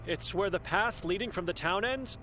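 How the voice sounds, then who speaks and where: A man's voice: sits high, normal speed, pushed and bright, a little hiss or hum. A man playing an earnest young monk searching for his sister in a video game, asking polite, concerned questions. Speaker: player character. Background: game music.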